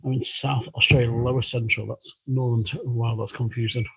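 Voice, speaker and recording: A man with a British accent chats his way through a live stream in his workshop, rambling and thinking aloud between tasks. His voice is gravelly and husky. He talks at a middling pitch. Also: flat delivery, brisk, a bit bright, low-quality recording. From United Kingdom. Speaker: livestream host. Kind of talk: casual live-stream chat while working. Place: workshop with a balloon printing machine.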